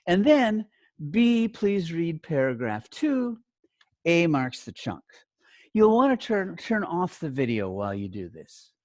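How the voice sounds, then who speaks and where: A middle-aged male teacher speaks slowly and carefully over a video call, his pitch rising and falling in lively swings as he stresses key words. The sound is dry, with almost no room echo. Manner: clear, deliberate instruction-giving with emphatic stress. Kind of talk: online class instructions.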